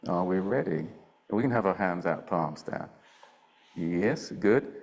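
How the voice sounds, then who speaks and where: An older man teaching a Pilates class over a video call, giving gentle step-by-step breathing and movement cues and checking in often. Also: lowish voice. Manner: calm, gentle cueing with frequent check-ins. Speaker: Pilates instructor. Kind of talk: live online class instruction.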